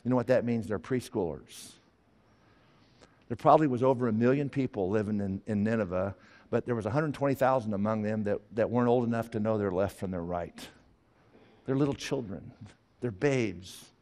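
A man preaching a sermon, animated, sometimes putting on high whiny voices for characters. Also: normal speed, in a large hall. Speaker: pastor.

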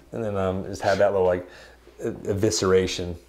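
Low-voiced rambling Gen X guitar shop man. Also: little pitch movement, moderate pace, darkish tone, a little hiss or hum. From United States. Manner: rambling, jokey storyteller. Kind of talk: casual chat.

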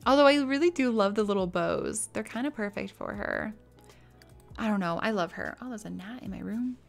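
A woman streamer talks casually while she plays, recorded on a desk microphone in her own room at home. Her voice sits at an everyday middle pitch for a woman. She gushes as she chats, sliding from soft murmured asides into bursts of excited squealing. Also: normal speed, creaky, faint music behind. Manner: gushing and chatty, drifting between soft asides and excited squeals. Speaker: game streamer. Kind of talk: casual live-stream chat while playing.

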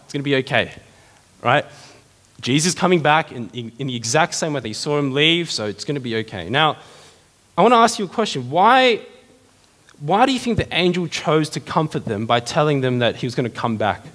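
A man preaching a sermon as pastor, in a lively, conversational way full of rhetorical questions. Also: fairly high pitch, a little fast. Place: church hall. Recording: long reverb of a church hall.

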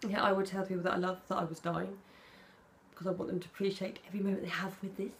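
A woman's voice: medium pitch, flat delivery, racing, vocal fry, slight background noise. A young British woman chatting casually in a vlog, reading out personal questions and answering them candidly. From Britain. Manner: chatty, candid, soft-spoken when emotional. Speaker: vlogger. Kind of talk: casual tag video, reading questions aloud.

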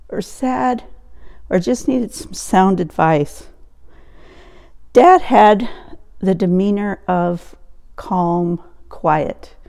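A woman's voice: lowish voice, warm tone, clean tone. A woman pastor in her sixties, sharing an earnest personal reflection as a sermon. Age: 60s. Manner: slow, earnest storytelling.

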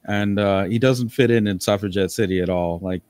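A man narrating a tabletop game as game master, casual and quick, with swearing. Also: on the low side, darkish tone, clear, resonant tone, no echo.

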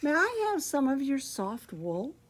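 A woman's voice: high voice, sing-song, a little slow, voice pushed up. Woman putting on a sweet, polite storybook cat. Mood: sweetly asking. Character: gentle, polite female farm cat.

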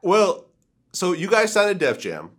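A man's voice: high-pitched, wildly swooping pitch, measured pace. A man interviewing a guest, giving short prompts and recapping the story. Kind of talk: interview questions.

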